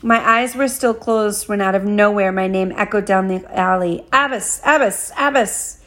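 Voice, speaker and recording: A woman reading an audiobook chapter in a steady, measured first-person narration. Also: medium pitch. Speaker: audiobook reader.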